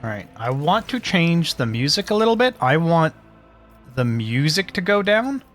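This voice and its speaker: A man's voice: on the high side, big pitch swings, moderate pace, fairly bright tone. A male streamer giving offhand, casual commentary on gameplay, with frequent fillers. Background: game music.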